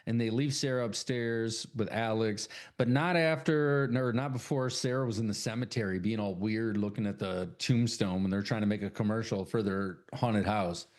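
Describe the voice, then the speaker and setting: A man's voice: fairly low pitch, normal speed, hardly any pauses, darkish tone. A man co-hosting a casual podcast, eagerly retelling film scenes, swearing often and acting out characters' lines. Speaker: podcast co-host. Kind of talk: casual chat.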